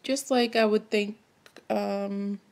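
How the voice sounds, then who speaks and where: Gravelly-voiced rambling woman. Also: mid-range voice, steady tone, slow pace. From Maryland, United States. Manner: rambling, musing aloud with self-questions. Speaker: cross-stitch vlogger. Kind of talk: casual chat while stitching.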